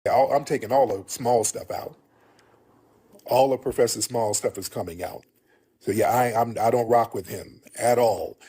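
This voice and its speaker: A man with a warm, mellow voice hosts a heated livestream. He keeps mocking and talking down to the person on the other end, repeating the same jabs over and over. His pitch sits in the middle. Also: normal speed, breathy edge. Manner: mocking, repeats himself, talks down to a caller. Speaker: streamer host.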